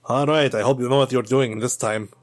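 A man running a tabletop game as game master, his voice sitting at an average pitch. He narrates in a relaxed, conversational way, with quick asides to the players.

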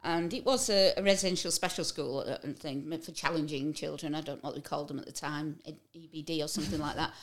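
A woman, a former special-school teacher, tells anecdotes in casual chat, lively and full of restarts. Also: low voice, fast, few pauses. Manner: lively storytelling with laughs and restarts.

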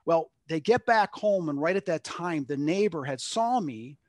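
A man's voice: fairly high pitch, lively intonation, moderate pace, darkish tone, dry recording, studio quality. A middle-aged man from Long Island, a medium and interview guest, telling a personal story in a rambling way and acting out quotes. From Long Island, New York. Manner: rambling, acts out quotes with lots of "like".

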